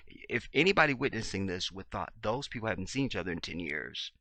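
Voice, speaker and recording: A man, talking to his viewers in an animated monologue and acting out the voices of the people in his stories. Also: mid-range voice, quick pace, hardly any pauses, no room sound. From Chicago, USA. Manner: animated storyteller, acts out dialogue, swings loud and soft. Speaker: video blogger. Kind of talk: casual monologue to camera.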